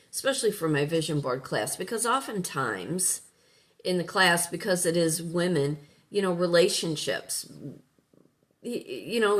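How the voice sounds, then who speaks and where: A woman life coach talking casually at home, rambling and conversational, who breaks off now and then to scold her dog. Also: low-pitched. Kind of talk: casual spoken monologue.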